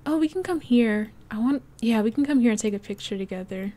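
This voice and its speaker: A woman hosting a let's play, chatting excitedly through her gameplay and laughing often. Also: fairly high pitch, a little fast. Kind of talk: casual gameplay commentary.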